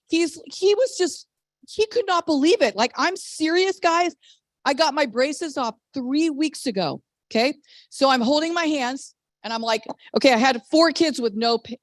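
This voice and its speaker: A middle-aged woman telling an animated personal testimonial on a team video call as a network marketing presenter. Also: high voice, no echo. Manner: animated, exclamatory storytelling with laughs.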